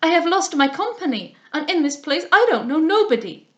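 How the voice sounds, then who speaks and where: A woman's voice: sing-song, fairly quick, muffled recording, full character voice. A woman voicing an elderly foreign lady with a put-on French accent, exclaiming in distress. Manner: exclaiming, high and loud.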